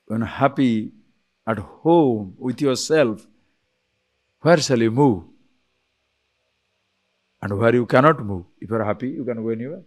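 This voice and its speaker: Animated man teaching scripture. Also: mid-range voice, measured pace, pauses often. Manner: animated, acts out dialogues, chants verses. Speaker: spiritual teacher. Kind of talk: lecture on scripture.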